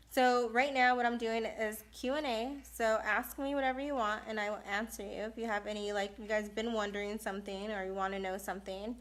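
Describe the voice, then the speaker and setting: A woman's voice: fairly high pitch, fairly even intonation, moderate pace. A woman in her thirties from California, chatting bluntly and casually while answering viewer questions live, laughing often. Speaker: live-stream host doing Q&A.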